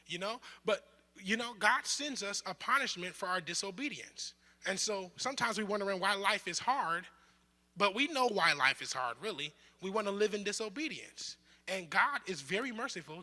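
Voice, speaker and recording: Young man, bible study teacher, high voice, very bright and tense tone, casual joking talk. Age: young adult. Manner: conversational, joking, with lively asides and acted-out quotes. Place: room of a bible study group. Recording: roomy hall with long reverb.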